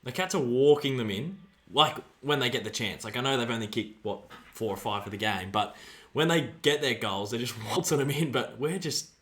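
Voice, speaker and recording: Excitable Australian man calling footy. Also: mid-range voice, moderate pace. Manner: excitable, yells player names, swings between muttering and shouting. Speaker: fan streamer. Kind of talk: live fan watch-along commentary.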